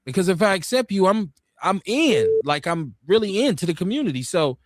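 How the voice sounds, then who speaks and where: Man, talk show host, earnest, argumentative, slightly high voice, dry close sound. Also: very animated, a little fast, no echo. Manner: earnest, argumentative, repeats himself to make a point. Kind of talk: live talk show discussion.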